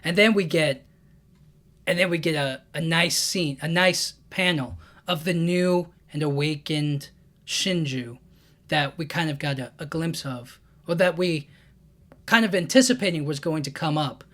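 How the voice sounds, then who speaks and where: A man's voice: a little high, unhurried, a bit bright. A young man casually recapping a comic chapter, rambling with many 'you know what I mean' fillers. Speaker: manga breakdown YouTuber.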